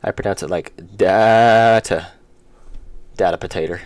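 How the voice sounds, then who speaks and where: Deep-voiced guy chatting on his game dev stream, dry close sound, keyboard clacking behind. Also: unhurried, dry recording. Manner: rambling, self-interrupting, chuckling. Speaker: indie game developer streaming. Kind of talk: casual live-stream chat while coding.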